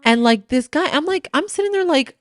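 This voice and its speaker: Animated woman podcast co-host. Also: high-pitched, a little fast. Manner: animated storyteller, acts out quoted people. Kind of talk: casual chat.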